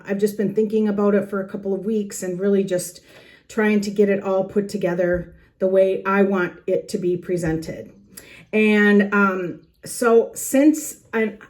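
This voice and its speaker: A woman's voice: mid-range voice, a little mellow. A middle-aged woman hosting her own journaling channel, talking earnestly to the camera in her planner room at home, chatty, with small laughs and restarts. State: a little out of breath. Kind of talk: casual heartfelt talk to camera. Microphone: camera facing her.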